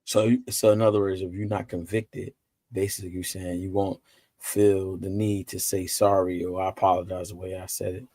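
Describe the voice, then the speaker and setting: Man asking probing questions, halting. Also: deep voice, flat delivery, warm tone, no echo, studio quality. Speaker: co-host. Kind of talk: casual faith talk.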